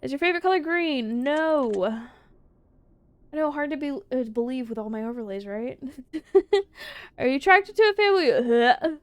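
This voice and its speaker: High-voiced laughing woman streamer. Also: animated, normal speed, no room sound. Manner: laughs often, swears casually. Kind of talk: casual livestream chat answering viewer questions.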